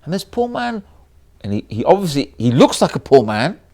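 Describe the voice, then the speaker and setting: High-voiced, animated rabbi telling a story. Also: male voice, moderate pace. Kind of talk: storytelling sermon.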